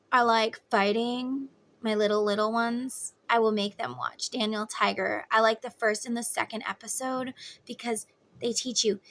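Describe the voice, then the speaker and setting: A woman in her thirties giving a casual tarot reading, chatty and motherly, guiding the listener through slow breathing. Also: high-pitched, a bit bright. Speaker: tarot reader.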